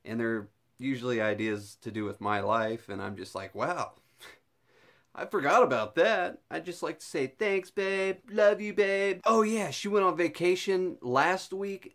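A man's voice: mid-range voice, a bit bright. A young man vlogging in a casual chat, laughing often and slipping into silly put-on voices.

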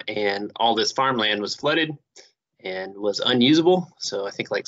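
A man's voice: lowish voice, highs cut off. Rambling man giving a casual lecture. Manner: relaxed, rambling, many fillers. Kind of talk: recorded online lecture. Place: home recording near Houston.

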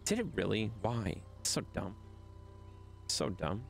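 Male streamer, casual chat to viewers, rambling and teasing, very animated delivery. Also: on the low side, slow, gravelly, soft background music. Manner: chatty, teasing, rambling with restarts. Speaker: livestreamer.

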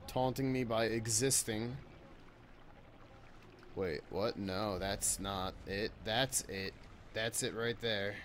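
A man's voice: lowish voice, steady tone, slow, long pauses, fairly bright tone, slight background noise. A young man giving let's-play commentary, talking to the game in exasperation and swearing often. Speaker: gameplay commentator.

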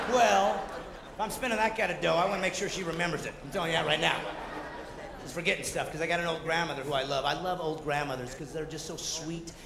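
Guy doing stand-up on a stage, high voice, ranting loud, big echoey hall, lots of noise behind. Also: vocal fry. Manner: high-energy, ranting, jumps into shouted asides and mock voices. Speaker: stand-up comedian. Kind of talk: stand-up comedy routine. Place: theater stage before a live audience. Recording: echoey hall, noisy 1990s concert recording.

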